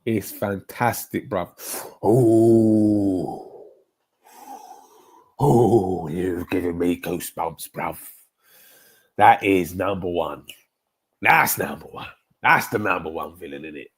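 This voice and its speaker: A man rambles through a casual live-stream chat, animated and full of slang. His voice sits a little low, and he often repeats himself as he talks. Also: takes it slowly, pauses often, breathy edge. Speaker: football streamer chatting with viewers.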